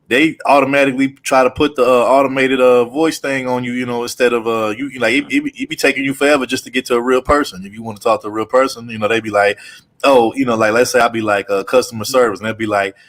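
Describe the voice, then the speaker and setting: Male co-host, quick and profane, storytelling energy, keeps saying "bro.". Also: medium pitch. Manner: animated storyteller, repeats "bro", swears freely. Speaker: podcast co-host. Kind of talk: casual group chat.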